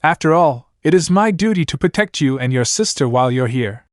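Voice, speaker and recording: A man's voice: on the high side, animated, fairly quick, no room sound, studio quality, pitched above the performer's own voice, close to an everyday voice. A man reading fan fiction aloud, voicing a loyal, formal fox guardian in a slightly raised voice. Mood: courtly. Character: loyal male fox guardian, courtly and calm.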